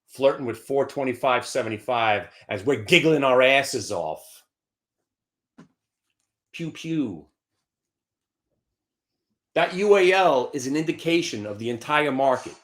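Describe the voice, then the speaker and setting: A man hosting a live stock trading show, brash and taunting, dropping to mutters and bursting into shouts. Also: on the high side.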